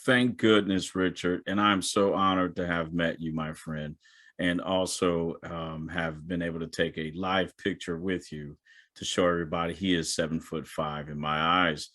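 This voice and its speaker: A man's voice: deep voice, steady tone, moderate pace, fairly bright tone. Effusive man hosting a podcast interview. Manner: effusive, addresses guest as "my friend". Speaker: podcast host.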